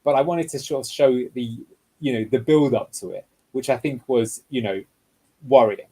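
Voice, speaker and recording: A man's voice: medium pitch, moderate pace, mellow, slightly rough, poor audio. A man working as a guest football analyst, explaining match footage step by step in a tactical video breakdown. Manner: explanatory, walks through clips step by step.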